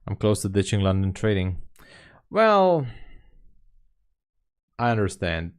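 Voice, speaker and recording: A man with a lowish voice talks slowly through a live trading session, with long gaps between remarks. His tone is wry and half to himself, like someone thinking aloud at his desk. The delivery is relaxed and unhurried. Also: clean tone. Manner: wry, muttering remarks to himself about the chart. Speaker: day trader streaming live.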